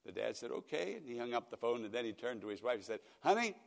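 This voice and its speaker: A man's voice: medium pitch, fairly even intonation, very fast, gravelly. An older male pastor preaching a radio sermon, telling folksy stories and rising to emphatic peaks. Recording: long reverb of a church hall.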